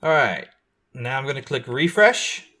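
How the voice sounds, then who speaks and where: A middle-aged man leads a live beginner coding lesson at an even pitch. He explains each step patiently and keeps asking his students whether they are following along. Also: measured pace. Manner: patient, checks in often with students. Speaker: coding teacher.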